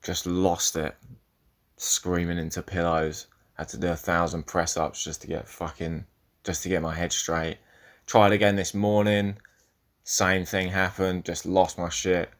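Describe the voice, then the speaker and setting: Young male podcaster, lower voice, loose and profane, drifting and restarting his thoughts. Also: level tone, measured pace. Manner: rambling, profane, self-interrupting. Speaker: podcast host. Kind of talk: solo podcast monologue.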